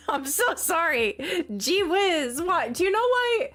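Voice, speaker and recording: A woman's voice: very high-pitched, a bit bright. A woman streamer chatting casually on a livestream, flustered, exasperated and apologetic.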